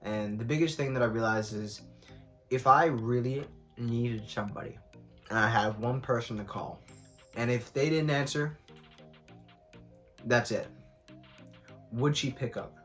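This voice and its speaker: A man's voice: mid-range voice, measured pace, long pauses, fairly bright tone, faint music behind. A young man vlogging casually while eating, talking candidly and rambling with lots of fillers, sometimes with food in his mouth. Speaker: mukbang vlogger.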